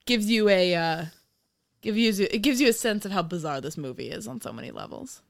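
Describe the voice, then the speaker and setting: A woman co-hosting a podcast, chatting casually about a movie, animated and profane, often laughing. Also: medium pitch, a little fast, gravelly. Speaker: podcast co-host. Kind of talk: casual movie review chat.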